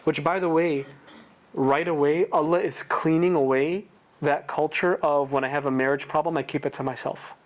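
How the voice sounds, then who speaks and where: A man's voice: a little high, steady tone, moderate pace. A man teaching a casual religious lesson at a prayer center, talking conversationally and quizzing his listeners with rhetorical questions. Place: indoor community prayer center.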